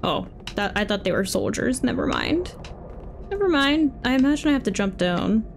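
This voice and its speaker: Lively high-voiced woman gamer. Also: normal speed, creaky, slight background noise. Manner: chatty, talks back at game characters, exclaims. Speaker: game streamer. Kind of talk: live gameplay commentary. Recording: game gunfire loud behind voice.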